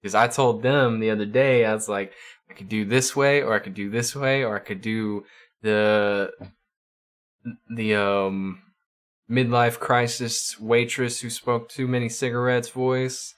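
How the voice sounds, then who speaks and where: A man's voice: mid-range voice, fairly even intonation, unhurried. A man hosting a livestream, chatting casually with viewers and often stumbling over and repeating his words. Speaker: livestream host.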